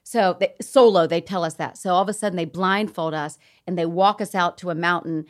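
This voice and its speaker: Guesting on a relaxed interview, this middle-aged Atlanta woman with a Southern accent speaks fairly quickly in a lowish voice. She spins stories with animation, laughing while performing quotes.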